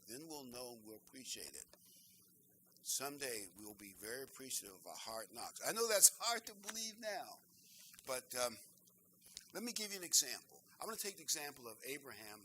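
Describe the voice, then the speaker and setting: An older man preaching a sermon, earnest and emphatic, slowing down to stress key phrases. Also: medium pitch, sharp tone, slight background noise, rough recording.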